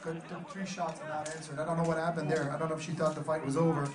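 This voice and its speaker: A man calls the action in quick bursts of excitement, his voice a bit high. The sound is roomy. A crowd can be heard clearly behind him. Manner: excitable play-by-play. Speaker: commentator. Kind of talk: live sports commentary.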